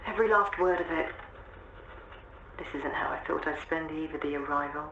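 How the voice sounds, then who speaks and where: A guilt-ridden woman speaks bitterly and regretfully in a very low voice. The audio is roomy and dull, with noticeable hiss. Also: fairly quick, bright, forceful tone. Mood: remorseful.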